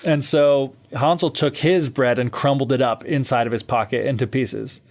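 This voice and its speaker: A man's voice: mid-range voice, fairly even intonation, normal speed, a little mellow. A man co-hosting a podcast, loosely retelling a fairy tale in casual chat, full of fillers and easy laughter.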